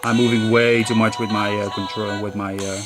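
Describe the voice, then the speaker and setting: A man's voice: lowish voice, little pitch movement, fairly quick. Chatty man over game music. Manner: chatty, rambling, with frequent apologies and restarts. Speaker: gaming channel host. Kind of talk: casual let's-play commentary. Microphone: camera mic filming a handheld console screen. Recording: game music playing behind the voice.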